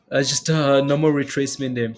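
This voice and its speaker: A man casually chatting with his livestream audience about crypto prices, answering comments and often tagging his sentences with "right?". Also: mid-range voice. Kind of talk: casual chat reading live comments.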